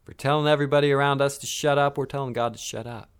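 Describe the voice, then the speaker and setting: A man's voice: mid-range voice, fairly even intonation, very fast, clear, resonant tone. Man preaching with wide swings. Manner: dynamic preaching, swings from hushed to loud. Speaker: pastor. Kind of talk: sermon.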